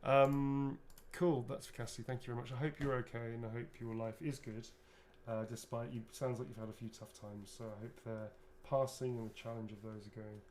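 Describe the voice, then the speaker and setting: A man in mid pitch talks loosely and rambles while he signs items, dropping casual swears. His speech is informal and unscripted, with a faint hiss of room noise underneath. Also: flat delivery, a little fast, hardly any pauses, darkish tone. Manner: rambling, chatty, swears freely. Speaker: actor signing autographs. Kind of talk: casual livestream chat.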